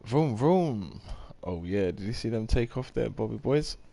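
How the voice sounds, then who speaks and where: A man's voice: on the low side, brisk, creaky, warm tone. A man, chatting casually on a live game stream, rambling and reading out viewer comments.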